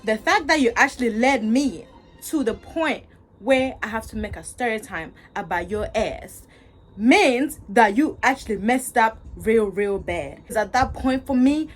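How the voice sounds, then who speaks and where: A woman's voice: medium pitch, measured pace, soft background music. A young woman vlogging a storytime, talking straight to her viewers, repeating herself and swinging between angry outbursts and laughter. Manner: animated, repetitive, talks straight to viewers. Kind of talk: casual storytime vent.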